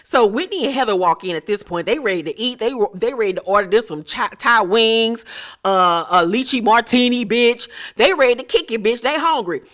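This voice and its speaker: A woman's voice: a little high, expressive, normal speed, fairly bright tone. A woman giving a brash, sarcastic, swear-filled recap of a reality show episode.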